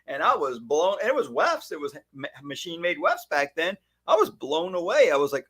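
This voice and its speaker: Animated storytelling man, mid-pitched. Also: a little fast. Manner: animated storyteller, acts out quoted dialogue. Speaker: hairstylist co-host. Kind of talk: casual chat.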